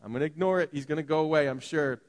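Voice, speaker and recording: A man preaching a sermon to his congregation, telling stories in an animated way and acting out the voices of the people in them. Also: fairly high pitch, very fast. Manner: animated storytelling, acts out quoted voices. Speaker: pastor. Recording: long hall reverb.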